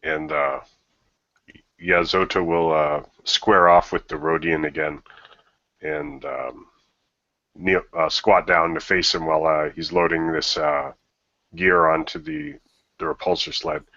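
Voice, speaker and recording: A man's voice: rumbling low, fairly even intonation, measured pace, pauses often, sharp tone, no room sound, muffled recording. A man playing in a tabletop game, talking hesitantly with many fillers. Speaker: player.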